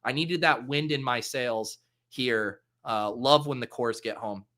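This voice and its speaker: A man hosting a casual solo recap, chatty and upbeat, with frequent "uh" fillers and quick self-corrections. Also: mid-range voice, sharp tone. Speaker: fantasy sports host.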